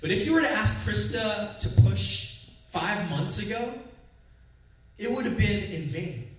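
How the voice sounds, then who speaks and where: Young male pastor, animated sermon storytelling, very echoey room. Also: sits high, a little slow, distant mic. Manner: lively storytelling, builds to loud peaks.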